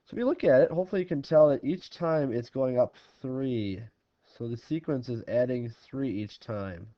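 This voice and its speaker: A man's voice: medium pitch, normal speed, dry recording. A male math teacher works through examples at an easy, conversational pace, talking through each step. His voice sits in a middling range. The recording is dry with no room sound and slightly muffled, lo-fi quality. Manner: casual, talks through problems step by step. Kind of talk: recorded classroom lesson.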